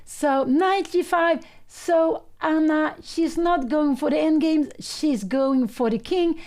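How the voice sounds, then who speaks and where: An older woman, a native Swedish speaker, commentating a live chess game, thinking aloud with anxious excitement and non-native phrasing. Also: high-pitched, takes it slowly.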